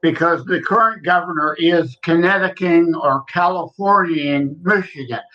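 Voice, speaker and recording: A man's voice: fairly high pitch, unhurried. A man co-hosting a podcast, chatting earnestly. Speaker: podcast co-host. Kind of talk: casual chat. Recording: dull lo-fi sound.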